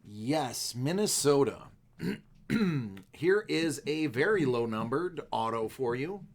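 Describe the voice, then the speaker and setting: A man hosting a live card break, chatty and joking, his voice a little rough from screaming, clearing his throat often. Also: medium pitch, animated, takes it slowly.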